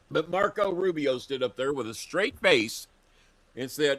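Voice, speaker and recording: A man hosting a talk show, telling profane political stories in a lively, animated way. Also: mid-range voice, takes it slowly, vocal fry, long pauses, no room sound. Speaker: show host. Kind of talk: casual political chat. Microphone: earpiece headset.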